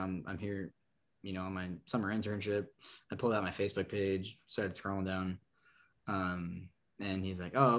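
A young man from Nebraska, a podcast guest telling a long story, full of "like" and "um", acting out the people in it. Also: low voice. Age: young adult. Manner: rambling, full of "like" and "um"; acts out the people in his story with lively quotes. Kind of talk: casual storytelling.

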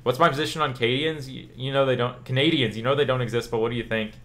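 Rapid-fire and mid-range, the voice belongs to a young streamer from Louisiana having a casual chat with viewers. Easygoing and talkative, he rambles, fields chat questions, and says "like" often.

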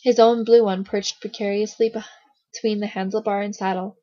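A woman reading a children's novel aloud, in a steady storytelling manner with small slips. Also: medium pitch, a little fast, dry recording. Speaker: reader, narrator. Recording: dull lo-fi recording.

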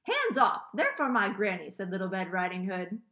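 A woman voicing a cheeky, greedy little girl from a storybook, with a bright, emphatic delivery. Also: medium pitch, huge pitch swings, moderate pace.

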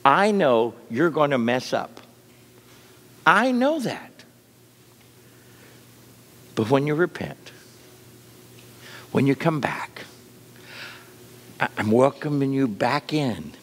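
Animated preacher man in reverberant hall. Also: mid-range voice, slow, pauses often. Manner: animated preaching, drops to soft near-whispers. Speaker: pastor. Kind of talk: sermon.

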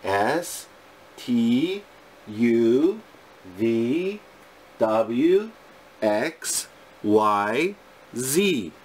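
Very slow, deliberate male phonics teacher. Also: mid-range voice, big pitch swings, a little hiss or hum. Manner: deliberate, clipped word-by-word recitation. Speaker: English teacher.

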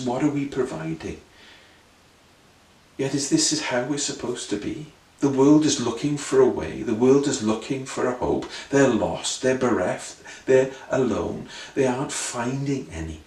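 A man preaching an earnest sermon full of rhetorical questions and repeated phrases. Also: mid-range voice. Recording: roomy sound, voice from a distance.

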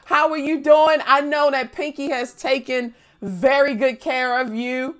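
A young woman live-streaming a game, chatting casually with viewers, playful and profane, breaking into loud squeals when she greets people. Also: high-pitched, steady tone, a little slow. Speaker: gaming streamer.

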